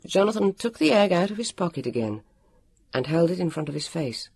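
Slow expressive narrator for a storybook, husky, close and dry. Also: mid-range voice, no echo.

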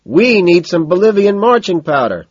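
A desperate young banker yelling over the din of a nightclub, as a man puts him on in a storybook reading, his voice pushed high and strained. The take sounds dull and dry, with a husky edge. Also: sing-song, moderate pace, no room sound, full character voice. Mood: frantic shouting. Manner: shouting over loud club music. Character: frantic young male Wall Street yuppie.

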